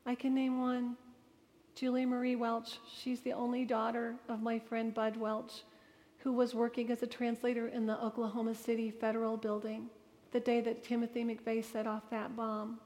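Her voice sits on the high side, a little mellow, at normal speed, yet her delivery is completely flat as this woman addresses an audience with her personal testimony. She tells it earnestly and emotionally, vividly retelling dialogue, and the recording carries the long reverb of a large hall.

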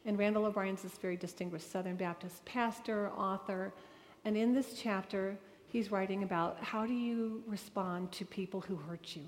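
A woman's voice: medium pitch, fairly even intonation, normal speed, slight background noise. A woman giving a personal testimony talk to an audience, telling her story earnestly and emotionally with vivid retold dialogue. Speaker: speaker addressing an audience. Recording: long reverb of a large hall.

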